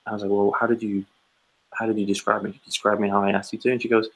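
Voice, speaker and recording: A man's voice: lowish voice, flat delivery, racing, creaky, dull audio. A man co-hosting a casual podcast, telling a long rambling anecdote and acting out the quotes. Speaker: podcast co-host. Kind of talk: casual storytelling chat.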